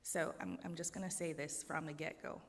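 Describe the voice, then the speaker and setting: A woman with a Jamaican accent opening a church service as worship leader. She speaks in a measured, reflective way with light asides. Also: deep voice, fairly even intonation. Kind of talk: sermon opening. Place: church sanctuary. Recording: long reverb of a large hall.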